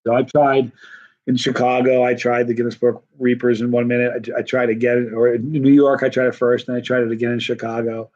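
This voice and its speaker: A man's voice: mid-range voice, level tone, a little fast, darkish tone, lo-fi sound. A middle-aged man hosting a hot-pepper challenge live stream, chatting casually and rambling through comments with lots of restarts.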